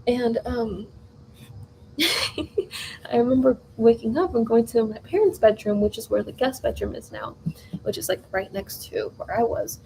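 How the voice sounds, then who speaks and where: Rambling young woman with a mellow voice. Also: on the high side, a little slow, slight background noise, poor audio. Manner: rambling, animated, lots of fillers and restarts. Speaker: vlogger. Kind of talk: casual storytelling while baking. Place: home kitchen.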